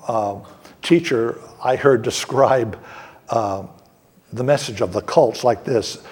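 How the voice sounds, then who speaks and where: A man preaching a sermon in an earnest, steady way, slowing down on key words for emphasis. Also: medium pitch, husky, long reverb tail. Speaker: pastor.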